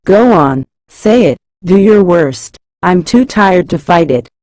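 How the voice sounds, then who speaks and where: A woman's voice: lowish voice, animated, slow, darkish tone, dry recording. A woman reading the lines of a tired, bitter sixty-year-old wife from a play script. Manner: tired, defensive.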